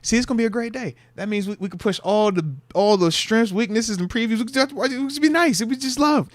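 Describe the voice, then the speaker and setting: A man's voice: sits high, fast, no room sound. A man co-hosting a sports podcast, chatting casually in a playful, slang-heavy way. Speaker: podcast co-host.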